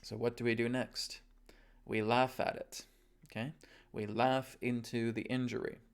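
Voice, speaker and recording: Gravelly-voiced man teaching calmly. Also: medium pitch, measured pace. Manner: calm, instructive, checks in with "okay?" often. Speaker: spiritual teacher. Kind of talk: live webcast teaching.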